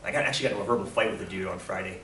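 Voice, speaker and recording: A male teacher giving a casual, animated classroom lecture, encouraging students and asking them questions. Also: low-pitched, rapid-fire, gravelly, slight background noise. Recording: echoey classroom from far off.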